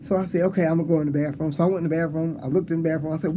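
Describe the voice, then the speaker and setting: A man's voice: fairly high pitch, very fast, hardly any pauses, a little hiss or hum. Upbeat encouraging man around sixty. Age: 60s. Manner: rambling, encouraging, animated storytelling with chuckles. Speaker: motivational speaker. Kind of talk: casual motivational talk to students. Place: school hall with an audience.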